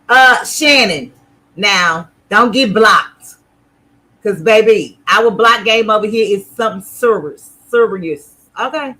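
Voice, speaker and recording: A woman hosting a sewing livestream in casual chat, loud, extra and playful as she talks to her viewers from an indoor sewing room. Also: mid-range voice, slow, pauses often, poor audio.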